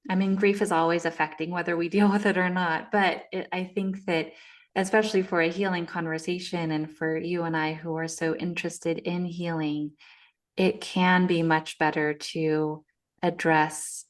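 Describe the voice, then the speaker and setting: A woman guest on a podcast, speaking in a calm, thoughtful, measured way. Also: lowish voice. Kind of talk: conversational podcast interview.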